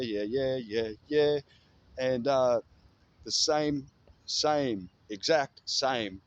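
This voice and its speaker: A man in casual motivational storytelling, animated and freely swearing. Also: medium pitch, highs cut off.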